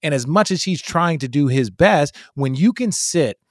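A man hosting a casual sports chat, talking in an animated, emphatic way and swearing freely. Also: a little high, normal speed, no room sound, clean studio sound.

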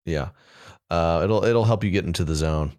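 Man, podcast co-host, low voice, relaxed, rambling, laughs a lot. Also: normal speed. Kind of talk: casual comedy chat.

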